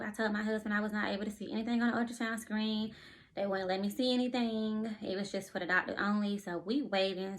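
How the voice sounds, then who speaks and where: A woman telling a personal story in a casual vlog. She is out of breath, animated, and keeps acting out the conversations she is retelling. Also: medium pitch. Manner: breathless and animated, often retelling scenes in quotes. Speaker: vlogger and expecting mother.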